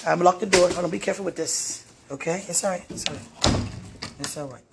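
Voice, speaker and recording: Fast-talking and gravelly, this woman has a fairly low pitch, and the recording is very noisy. A podcast host and mother, she speaks from her home in an intimate one-sided chat to a listener, warm and affectionate, with plenty of laughter and frequent religious exclamations addressed to God.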